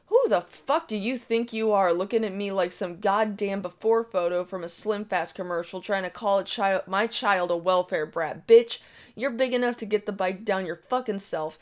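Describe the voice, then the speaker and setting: Woman reading a reddit-style story out loud, brash and sweary, normal mid voice. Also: mid-range voice, moderate pace. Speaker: story reader. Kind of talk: reading an online story aloud.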